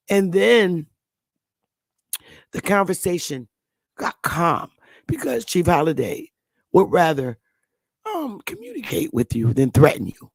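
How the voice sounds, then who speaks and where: A woman's voice: fairly low pitch, darkish tone, no room sound. A woman hosting her own channel, telling a rambling story in a casual monologue, often repeating and restarting words. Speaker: channel host.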